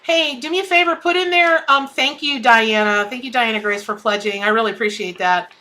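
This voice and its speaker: A woman's voice: a little high, brisk, sharp tone. A woman hosting a live tarot stream, chatting in a bubbly way and greeting viewers by name. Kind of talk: casual live-stream chat.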